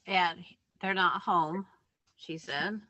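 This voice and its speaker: A woman co-hosting a casual livestream, adding slow, unhurried remarks to the chat. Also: on the low side, pushed and bright, dry recording, dull audio. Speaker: livestream co-host.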